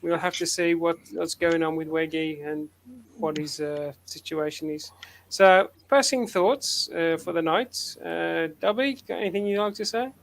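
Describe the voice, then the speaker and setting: A man's voice: fairly high pitch, moderate pace, gravelly, a little hiss or hum. A man hosting a casual group chat on a call, rambling and hesitant with many fillers. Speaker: host.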